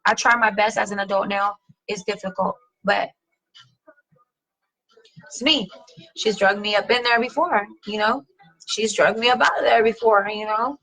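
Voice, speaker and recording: Bright, animated woman chatting casually. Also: mid-range voice, moderate pace, long pauses, rough recording. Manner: animated, slangy, swears casually, laughs often. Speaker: host. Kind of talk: casual chat reading viewer comments.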